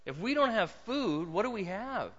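A man preaching a sermon to a congregation, swinging from hushed storytelling to loud, emphatic points. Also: high voice, big pitch swings, moderate pace, long reverb tail, lo-fi sound. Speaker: pastor. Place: church hall.

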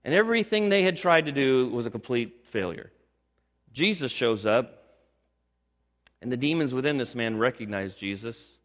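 An older man, a pastor, preaching a sermon with animated storytelling that builds to emphatic exhortation. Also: mid-range voice, moderate pace, pauses often, big-room sound.

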